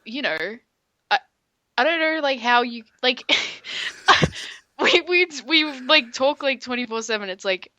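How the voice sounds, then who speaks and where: A woman's voice: high voice, slow, pushed and bright, no room sound. A young woman co-hosting a podcast, teasing and laughing as she retells a story. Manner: teasing, laughing, acts out past exchanges. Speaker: podcast co-host. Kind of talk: casual chat.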